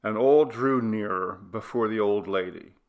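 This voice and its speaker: A man narrating a classic story, measured and expressive. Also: fairly low pitch. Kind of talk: audiobook reading of a classic story.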